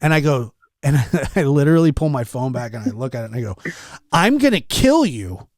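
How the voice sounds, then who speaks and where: A young man hosting a podcast, telling a story in a casual, animated and exasperated way, acting out what others said. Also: medium pitch, quick pace, no room sound. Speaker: podcast host.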